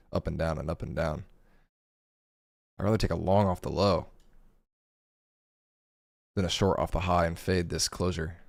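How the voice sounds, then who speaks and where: A man talks through his live trades in a relaxed, thinking-aloud way. His voice sits low and has a rough, gravelly edge, and it sounds worn and hoarse. The sound is dry and close, with no room echo. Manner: casual, thinking aloud over charts. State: hoarse, voice going. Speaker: day trading streamer. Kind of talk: live trading commentary.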